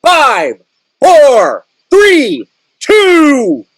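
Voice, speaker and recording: A man's voice: fairly high pitch, expressive, unhurried, low-quality recording. A man reading the part of a menacing, bullying male warehouse guard in a screenplay table reading, barking clipped orders and profane threats. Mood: shouting threats. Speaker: script reader.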